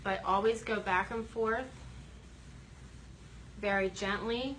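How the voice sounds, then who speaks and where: A woman's voice: mid-range voice, fairly even intonation, slow, fairly bright tone, a little hiss or hum, poor audio. A woman chatting casually as she shows furniture refinishing step by step, explaining while she works in a workshop. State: out of breath from buffing. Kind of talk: casual how-to demonstration.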